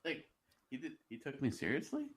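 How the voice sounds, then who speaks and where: Male co-host, mid-pitch voice, dry crude one-liners, casual. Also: huge pitch swings, brisk, a bit bright, husky. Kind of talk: casual crude talk radio banter.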